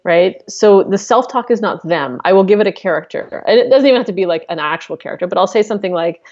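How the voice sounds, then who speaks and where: A woman's voice: medium pitch, expressive, fast talker, darkish tone, lo-fi sound. A woman coach speaking as an interview guest, explaining her methods candidly and swearing casually.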